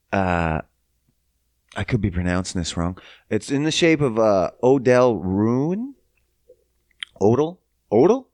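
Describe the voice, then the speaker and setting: A podcast host, a man, rants with heavy profanity and biting sarcasm. He talks at an unhurried pace, and his pitch leaps from mock-innocent highs down to low grumbles. The sound is dry and close. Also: dry recording. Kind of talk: casual podcast chat.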